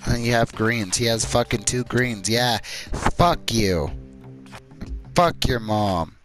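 Brief: man, mid-pitched, cursing gamer raging at the computer opponents, game soundtrack clearly behind him. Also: slow pace, fairly bright tone, rough recording. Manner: profane, angry trash-talking at the game. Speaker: gamer playing online card game. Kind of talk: gameplay chat. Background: game soundtrack music.

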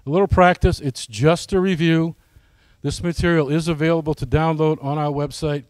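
A man's voice: on the high side, fairly even intonation, moderate pace, no room sound. A man giving a casual, folksy presentation to his flying club, often asking the audience questions.

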